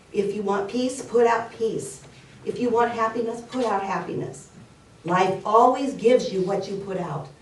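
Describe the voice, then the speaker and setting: A woman's voice: medium pitch, slight background noise. Woman giving a sermon in an echoey hall. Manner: warm storytelling, earnest, repeats key phrases. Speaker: spiritual speaker. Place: church hall. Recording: roomy hall, mic at a distance.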